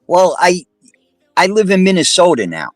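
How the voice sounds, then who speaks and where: A man's voice: high voice, wildly swooping pitch, moderate pace, no room sound. A man from Brooklyn with a New York accent, a panel guest chatting casually and joking about his street vending. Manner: jokey, streetwise, repeats words. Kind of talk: casual livestream chat.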